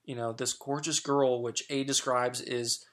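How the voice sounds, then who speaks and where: Middle-aged male guest, frank, rambling storyteller, mid pitch. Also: steady tone, unhurried, fairly bright tone. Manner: frank, chatty, many fillers and restarts. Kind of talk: candid personal storytelling.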